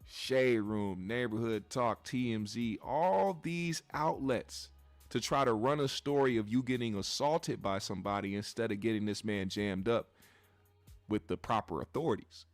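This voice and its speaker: A man's voice: fairly low pitch, measured pace, no echo, faint music behind. A man hosting a commentary show, talking bluntly and with plenty of profanity straight to his live chat audience.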